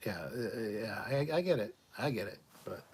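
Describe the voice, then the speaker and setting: Slightly rough and fairly low, this man's animated voice moves at a moderate pace. He's running a laid-back live stream, reading viewers' questions aloud, giving blunt answers, swearing plenty and muttering asides under his breath.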